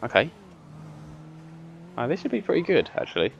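A young man giving casual gameplay commentary, excitable and bossy when he directs his friend, and laughing often. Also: mid-range voice, normal speed, creaky, dull audio, a little hiss or hum. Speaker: gaming channel host.

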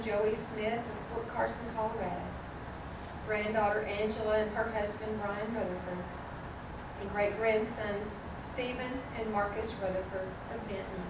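Emotional woman pastor in an echoey hall. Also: on the high side. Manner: tender and openly emotional. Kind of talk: funeral eulogy. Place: funeral service hall. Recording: echoey room from a distant mic with hiss.

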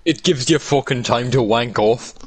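A man's voice: medium pitch, husky, no echo, low-quality recording. A young man from Australia with a put-on Irish accent, chatting casually while gaming, brash and swearing in mock-aggressive banter. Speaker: gaming streamer.

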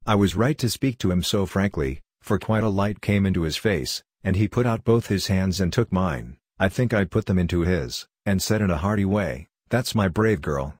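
Male audiobook narrator, very low voice, dry close sound, steady gentle read. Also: normal speed, few pauses, no echo. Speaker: audiobook reader.

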